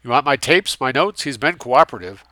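A man voicing a curt, gruff military colonel who defends his own work. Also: mid-range voice, animated, brisk, pushed and bright, no room sound. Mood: defensive.

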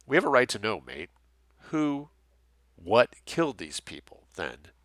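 A tough young woman mercenary, blunt and slangy, always pushing for answers, as a man reading the book puts her on. The voice sounds bright and lively. It is recorded close and dry. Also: mid-range voice, unhurried, no room sound. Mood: pushy.

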